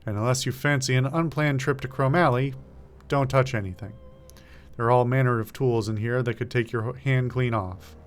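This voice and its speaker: A man's voice: mid-range voice, moderate pace, soft background music, lightly acted. A man voicing a cultured, menacing male tinkerer in a video game reading, with a pleasant, polished way of speaking. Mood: courteous.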